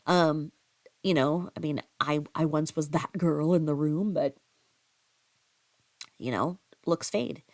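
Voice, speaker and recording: A woman's voice: slow, long pauses. A middle-aged woman telling a story in a casual, rambling way, with many fillers and restarts. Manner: acts out quoted voices in a higher pitch.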